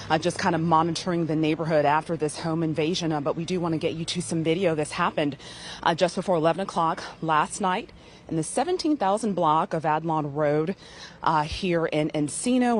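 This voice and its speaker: A woman field reporter giving a live news report outdoors on a residential street, halting with many fillers. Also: low voice, slight background noise.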